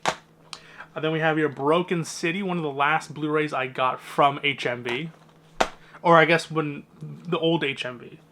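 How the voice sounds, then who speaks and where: Chatty young man, slightly high. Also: steady tone, unhurried, sharp tone, a little hiss or hum. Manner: chatty and rambling, opinionated asides. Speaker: movie collector vlogger. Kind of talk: casual collection walkthrough.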